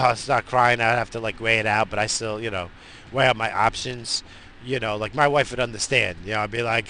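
Profane rambling man with a bright voice. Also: lowish voice, brisk, vocal fry, a little hiss or hum. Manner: profane, rambling, animated rants. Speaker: vlogger. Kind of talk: rambling stoned casual chat. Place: in a parked car.

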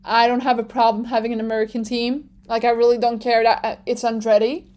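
A woman with a French accent hosts a casual podcast, chatty and animated, with plenty of likes and ums. Her voice sits a bit higher than most women's. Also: a little fast. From France. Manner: chatty and animated, many fillers, laughs often. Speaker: podcast host. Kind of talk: casual chat.

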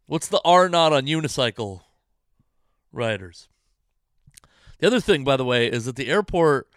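Swearing and rambling in frustration, a comedian delivers a casual, self-deprecating monologue on his home podcast. His voice is smooth, resonant, fairly bright and ordinary in pitch, picked up near the mic in a dry room without echo.

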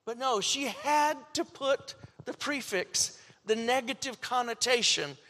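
A man with a very high, bright voice preaches a slow, deliberate sermon. He tells the story animatedly, acts out quotes and often stumbles into restarts. His voice rings with a long hall reverb. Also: animated.

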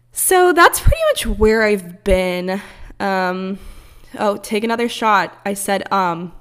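A podcast host in her early twenties talks in a loose, meandering style, cursing without hesitation. Her voice sits in the middle range with a fairly bright tone.

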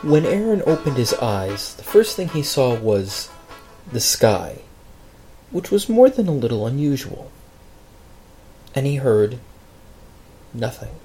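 A man's voice: slow pace, pauses often, soft background music. A male pastor telling a Bible story dramatically in a sermon. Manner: dramatic, expressive storytelling with big pitch swings.

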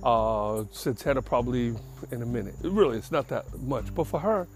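A man's voice: medium pitch, expressive, brisk, a little mellow, faint music behind. An older man from the Bronx, a podcast host telling a casual story in a blunt, streetwise and profane way. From the Bronx, New York.

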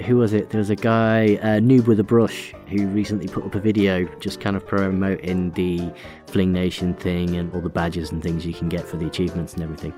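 Give me a man hosting a casual podcast chat, deep-voiced and easygoing. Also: a little fast, over music. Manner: relaxed, chatty, with some restarts. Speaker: podcast host.

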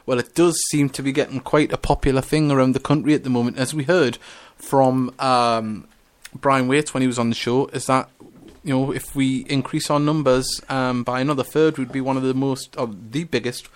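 A man's voice: medium pitch, fairly even intonation, normal speed, hardly any pauses. A man hosting a casual football radio show, reading out listener messages and scores with frequent ums and restarts. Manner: hesitant, lots of ums and restarts.

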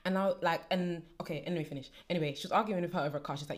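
Co-host, woman, brisk chatty storyteller with a slightly low voice. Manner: animated storyteller, acts out quotes. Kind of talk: casual group chat.

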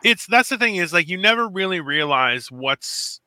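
A man's voice: high voice, moderate pace, clear, resonant tone, dry recording. A Canadian man co-hosting a podcast, ranting and joking with lots of swearing in casual chat. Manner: animated, swearing, jokey rants. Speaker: podcast co-host.

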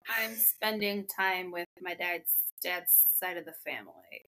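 A woman co-hosting a podcast in casual chat, speaking quietly and haltingly, often trailing off. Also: fairly low pitch. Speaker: podcast co-host.

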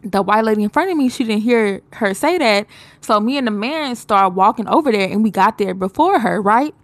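A woman's voice: mid-range voice, animated, a little fast, no echo. A woman co-hosting a podcast in casual chat, telling a story with lots of swearing and acting out the people in it. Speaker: podcast co-host.

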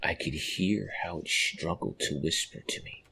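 A man narrating a horror story in a slow, hushed, dramatic way. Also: sits low, creaky, slightly rough. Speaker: podcast narrator.

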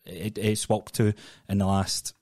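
Male podcast co-host, low and quick, dry close sound, casual and profane. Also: dry recording. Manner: fast, swearing, animated storytelling. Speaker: podcast co-host, personal trainer. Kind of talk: casual chat.

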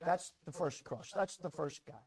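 A male pastor delivering a sermon in an emphatic, animated way. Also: fairly high pitch, moderate pace, husky, rough recording.

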